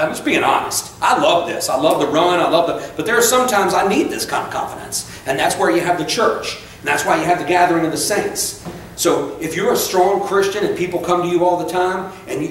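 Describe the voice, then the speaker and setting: A man's voice: high-pitched, a bit bright, a little hiss or hum. A man preaching a sermon with fervent exhortation and casual, joking asides to the congregation. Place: church sanctuary. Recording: echoey church captured from far off.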